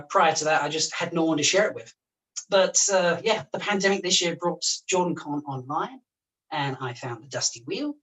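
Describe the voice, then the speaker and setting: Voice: medium pitch, a bit bright. A chef hosting a casual charity livestream from a home kitchen, chatting and laughing while cooking. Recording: voice picked up from a distance.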